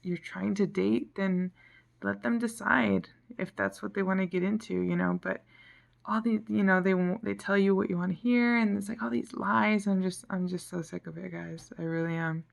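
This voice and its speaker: A woman's voice: mid-range voice, fairly even intonation, normal speed, gravelly. A woman talking frankly and a little frustrated in a casual vlog, rambling and sometimes dropping almost to a whisper, tired. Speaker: vlogger.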